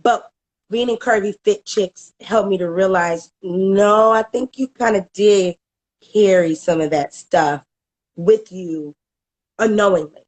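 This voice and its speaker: A woman's voice: medium pitch, slow pace. A middle-aged woman, giving a candid personal testimonial about a coaching program, often repeating words and laughing as she goes.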